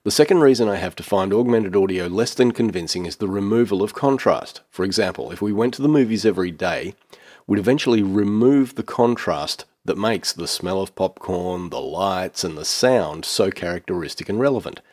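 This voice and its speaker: Low-voiced man hosting a podcast. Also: moderate pace. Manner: relaxed, chatty, with frequent "uh" fillers and small laughs. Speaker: podcast host. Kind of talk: casual podcast talk and reading a listener's essay.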